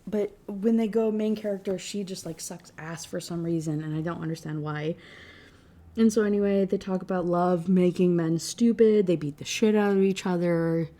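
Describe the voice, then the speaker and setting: A woman rants her way through a book review in a loose, chatty flow, swearing freely and tossing in fillers as she goes. Her voice sits a little low, with a dark, mellow tone. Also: normal speed. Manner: blunt, profane, chatty with frequent fillers. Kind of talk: casual ranting book review.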